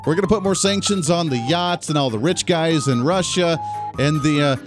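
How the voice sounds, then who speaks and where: A man hosting a talk radio show, giving sarcastic, animated, unscripted political commentary. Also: on the high side, normal speed, over music.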